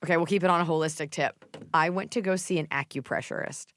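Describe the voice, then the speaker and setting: A woman with a deep voice talks quickly as a podcast host in a casual comedic chat. She's an animated storyteller, spinning comic tales and mimicking people along the way.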